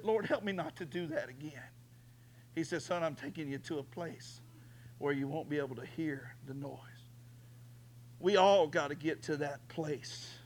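A man preaching a sermon as pastor, swinging from quiet storytelling to shouted, tearful prayer. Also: on the high side, a little hiss or hum.

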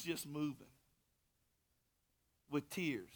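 Fervent gravelly preacher man. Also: high-pitched, normal speed. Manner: fervent storytelling, swinging between loud bursts and hushed asides. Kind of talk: sermon testimony.

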